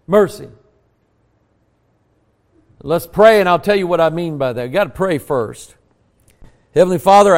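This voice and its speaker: A pastor delivers a sermon in a church, his voice riding somewhat high as he swells into emphatic declarations. He shifts between fervent preaching and hushed, earnest prayer. A long reverb trails every phrase. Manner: preaching with rising emphatic bursts, then quiet prayer. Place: church sanctuary.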